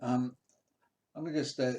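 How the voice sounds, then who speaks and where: A man hosting a video-call interview, asking questions in a halting, casual way full of uh fillers. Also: medium pitch, little pitch movement, a little mellow. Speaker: interviewer host.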